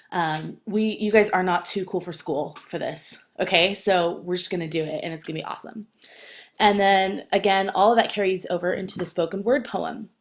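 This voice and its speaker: A woman teacher walks her students through an assignment, clear and firm but encouraging. Her voice sits a little low, and she keeps checking in with a quick "okay" between points. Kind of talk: classroom assignment instructions.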